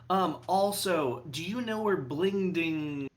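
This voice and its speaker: A man's voice: a little high, lively intonation, normal speed, pushed and bright. A man playing a tabletop game, speaking brashly and joking in character. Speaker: player. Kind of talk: tabletop role-play.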